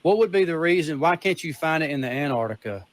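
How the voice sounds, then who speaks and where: A man's voice: on the high side, lively intonation, fast. A man asking questions on a live stream in a curious, easygoing way.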